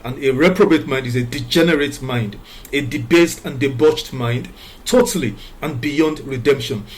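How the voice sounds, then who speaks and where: A man's voice: mid-range voice, slight background noise. Emphatic preaching man with rhetorical questions. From Nigeria. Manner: emphatic, repeats key words, asks rhetorical questions; reads scripture aloud in a measured way. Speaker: commentator. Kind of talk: preachy moral commentary monologue.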